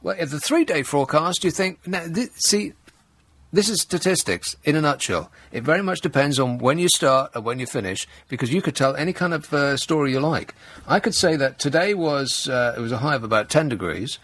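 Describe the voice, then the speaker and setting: A man hosts a late-night talk radio show from a studio and speaks into a close microphone. He reads the weather news and keeps breaking off into sarcastic, mock-indignant asides. His pitch swings widely from line to line. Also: animated, a little fast, a bit bright, dry recording. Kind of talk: comedic talk radio monologue.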